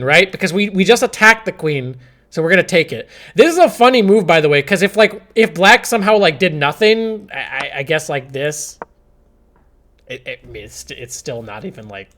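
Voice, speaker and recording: Commentating chess on a live stream, a young man with a voice on the high side sounds exasperated. He veers back and forth between shouting and mumbling.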